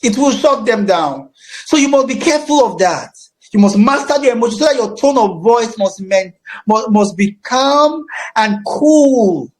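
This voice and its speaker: A man's voice: high-pitched, expressive, moderate pace. A Nigerian man facilitating a counseling course, speaking emphatically with a projecting voice and often repeating his phrases. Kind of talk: teaching a class.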